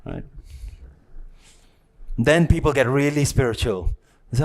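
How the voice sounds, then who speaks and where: A man's voice: mid-range voice, animated, measured pace, long pauses. A man teaching a spiritual lesson to a live audience, talking casually, teasing and checking in often. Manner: conversational, teasing, keeps checking in with "yeah?" and "right?".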